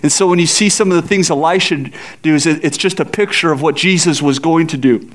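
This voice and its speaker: High-voiced preaching man. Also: a little fast. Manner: animated preaching, acts out voices in scripture. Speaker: pastor. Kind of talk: sermon.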